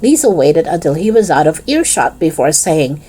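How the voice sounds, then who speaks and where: A woman reading a children's chapter book aloud in an expressive, lively storytelling manner. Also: sits low, moderate pace, husky.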